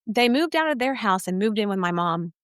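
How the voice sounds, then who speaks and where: A woman's voice: medium pitch, expressive, a little fast, smooth, no echo, studio quality. A woman from Texas, a podcast guest telling her life story in an earnest, emphatic way. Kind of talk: personal testimony storytelling.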